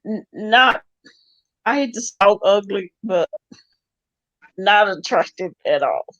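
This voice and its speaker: A man with a high, slightly bright voice hosts a casual chat show, speaking hesitantly, repeating himself, and giggling a lot. The recording has no room sound but a dull, lo-fi quality.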